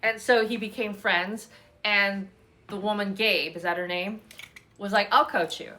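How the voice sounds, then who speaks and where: A woman's voice: mid-range voice, steady tone, unhurried, bright, forceful tone. A woman hosting a casual chat at home, talking in a rambling, chatty way with many fillers. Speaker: host.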